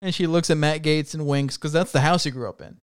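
A man with a smooth, clear voice sitting a little above the usual male pitch. He riffs through a casual comedic podcast chat, stacking joke on joke and breaking into laughs. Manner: riffing, quick jokes, frequent laughs. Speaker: podcast co-host.

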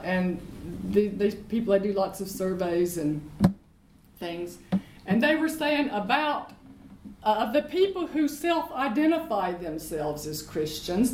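A woman's voice: medium pitch, a little mellow, echoey room, a little hiss or hum, poor audio. A woman teaching from the Bible in an emphatic way, repeating her points and asking rhetorical questions. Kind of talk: teaching sermon in conversation.

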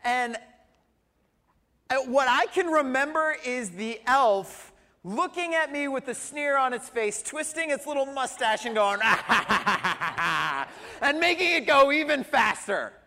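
A man's voice: very high-pitched, measured pace, sharp tone, in a large hall. A man preaching a sermon as pastor, telling a humorous personal story. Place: church sanctuary.

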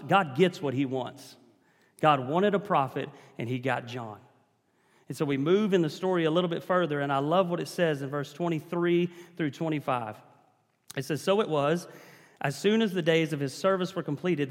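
A man's voice: a little high, long reverb tail. A man preaching a sermon to a congregation, building emphasis and calling out to the listeners.

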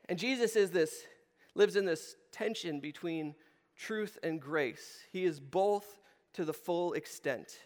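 A man's voice: high-pitched, takes it slowly, a little mellow. A middle-aged male pastor giving a conversational sermon, asking the room questions and acting out short quotes. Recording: long hall reverb.

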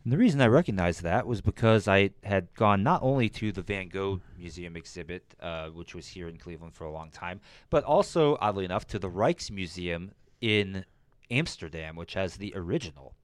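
A man's voice: sits low, lively intonation, moderate pace, no echo. A man co-hosting a podcast, chatting casually with wry asides. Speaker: podcast co-host.

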